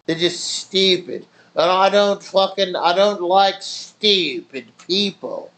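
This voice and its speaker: A man's voice: high voice, slow, fairly bright tone. A man streaming, telling rambling stories in loose slang with plenty of swearing. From family in Nigeria. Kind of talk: casual chat with stream viewers.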